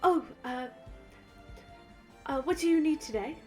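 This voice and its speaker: A woman's voice: sits high, lively intonation, a little slow, mellow, soft background music, voice pushed up. A woman voicing a small, polite female kenku that mimics a strong, proper lady's voice.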